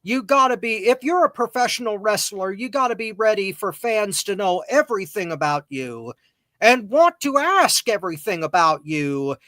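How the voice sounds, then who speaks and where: A man hosting a podcast who gives careful, measured commentary. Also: high voice, animated, pushed and bright, dry recording. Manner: slow, deliberate, careful. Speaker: podcast host. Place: cigar lounge, live on location.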